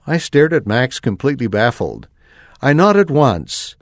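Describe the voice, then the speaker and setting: Male reader, first-person story narration, animated, mid pitch. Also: measured pace, no echo, studio quality.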